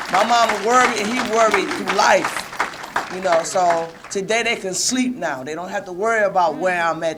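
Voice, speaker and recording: A woman graduate speaks earnestly and emphatically at a courtroom ceremony. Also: lowish voice. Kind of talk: ceremony speech.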